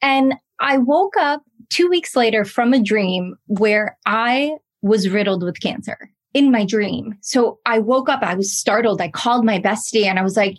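A woman in her forties speaks as a podcast guest, telling her personal story in a lively, conversational way. Her voice sits a little high, and she slips into the voices of the people she quotes. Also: a little slow, few pauses. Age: 40s. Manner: lively, chatty, acts out quoted dialogue. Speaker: guest, pathologist assistant and wellness coach.

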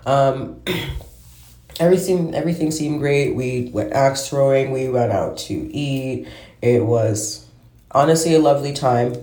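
Mellow-voiced man rambling in a roomy space. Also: mid-range voice, unhurried. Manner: rambling, swears freely, trails off and restarts. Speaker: podcast host. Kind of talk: casual podcast monologue. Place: at home, smoking while recording. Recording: roomy echo.

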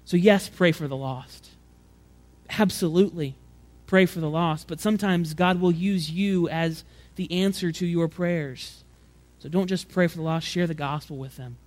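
Brief: male pastor, fairly high voice, casual sermon delivery, frequent stumbles and restarts. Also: moderate pace, a little mellow. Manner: conversational preaching, acts out quotes with rising pitch and volume; frequent repeated words and restarts.

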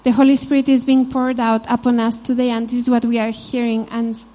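Spanish-accented woman preacher, warm and fairly high, casual storytelling sermon. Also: level tone, brisk. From Spain. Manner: informal, frequent "you know", storytelling asides. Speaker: Bible teacher. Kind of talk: conversational sermon.

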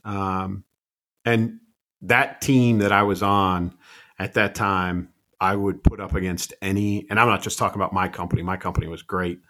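A man in his fifties, a retired army officer, telling his story as a podcast guest in a measured, reflective way with frequent ums and uhs. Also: sits low, steady tone, bright, forceful tone. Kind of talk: conversational storytelling interview.

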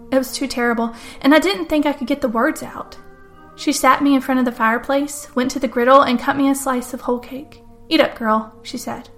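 A woman telling a first-person story in scripted narration, calm and measured. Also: fairly high pitch.

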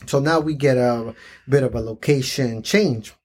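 A man talks through a comic chapter with a co-host in a loose, casual way. His voice is husky and slightly breathy. He laughs often and jumps his pitch up high to act out the characters' lines. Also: measured pace, a little mellow. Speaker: podcast co-host. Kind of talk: casual chat reading a manga aloud.

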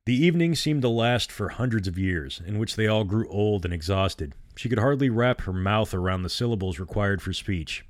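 A man narrating a horror story in a measured way, reading all the characters' lines himself. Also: on the low side, dry recording, clean studio sound.

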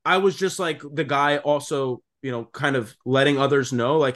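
A man's voice: medium pitch, fairly even intonation, moderate pace, fairly bright tone. A man in his twenties co-hosting a casual podcast, talking bluntly with lots of "like" and "dude" and free swearing. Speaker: podcast co-host.

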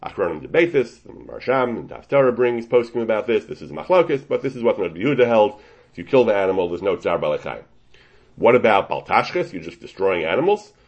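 A man's voice: fairly low pitch, big pitch swings, quick pace, husky. A man teaching a Talmudic-style lecture, walking through a source step by step and often restarting his sentences. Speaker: Torah teacher. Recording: dull lo-fi recording.

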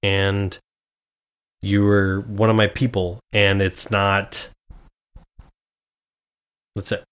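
Very slowly and smoothly, a young man from Nebraska spins family stories on his podcast, his fairly low voice level and a bit bright. The talk is casual, full of swearing and impersonations of the people involved.

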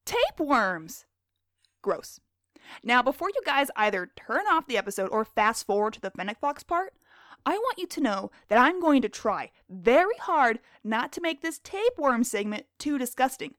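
A woman with a high, bouncing voice hosts a podcast and narrates animal facts, joking at her own expense. The recording is dry and close, with no room sound. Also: big pitch swings, normal speed, fairly bright tone, no room sound. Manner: jokey, self-deprecating, quizzes herself in a game-show bit. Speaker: podcast host.

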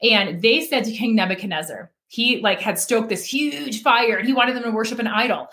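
Earnest woman sharing faith, laughing softly. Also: a little high, normal speed. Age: adult with children. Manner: earnest, with frequent fillers and soft laughs. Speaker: guest sharing her faith testimony. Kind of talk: casual faith talk.

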